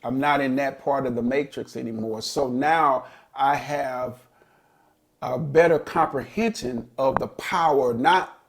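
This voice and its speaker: A middle-aged podcast co-host with a gravelly, creaky voice shares a story during a casual podcast conversation. He speaks at a mid-range pitch, a little slowly, earnest and thoughtful as he reflects on his past. There's slight background noise.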